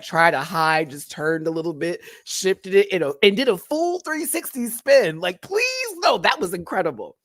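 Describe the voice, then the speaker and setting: A man's voice: a little high, fairly bright tone, no echo, clean studio sound. A man with a Southern American accent, chatting casually and laughing often as he reviews a reality TV episode. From Southern United States.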